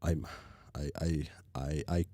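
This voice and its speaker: A man streaming as he reads a webcomic aloud, talking casually, often halting and stammering. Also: very deep voice, fairly even intonation, mellow, no echo. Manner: halting, stammers and restarts, mutters to himself.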